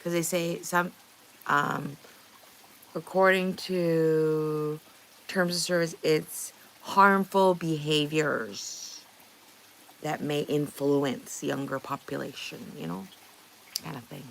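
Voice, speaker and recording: A woman's voice: low-pitched, steady tone, slow, creaky, a bit bright, a little hiss or hum, poor audio. A woman livestreamer chatting casually with her viewers, reading their messages aloud, playful and often laughing.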